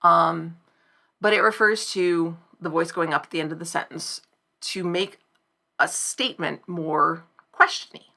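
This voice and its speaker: A woman thinks aloud in a reflective commentary to camera, measured and careful, pausing to find her words. Her low voice carries a gravelly fry and a bright, forward edge. She speaks slowly and without hurry. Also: fairly even intonation. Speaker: video essayist.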